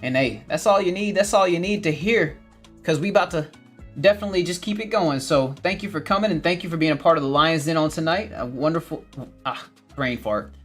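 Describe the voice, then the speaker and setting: A man's voice: fairly high pitch, brisk, soft background music. A man hosting a gardening livestream, reading viewer comments in a casual chat, laughing often and repeating his phrases.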